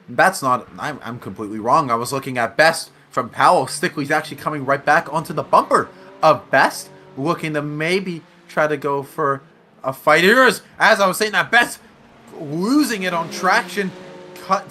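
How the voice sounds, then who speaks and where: A man commentating a sim racing league event, excitable and often correcting himself mid-sentence. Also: a little high, a little hiss or hum. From United States. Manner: excitable, self-correcting, laughs along. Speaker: race commentator.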